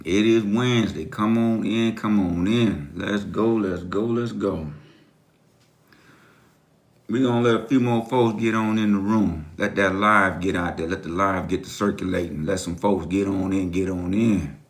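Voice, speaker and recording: Speaking in a low voice at a measured pace, a middle-aged man hosts a laid-back livestream as a life coach. He calls out viewers by name and keeps repeating phrases in a preacher-like way.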